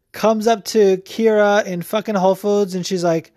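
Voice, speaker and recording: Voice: medium pitch, steady tone, moderate pace, darkish tone, no room sound, clean studio sound. A podcast host in a casual, profane opinion rant, rambling with lots of fillers. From United States.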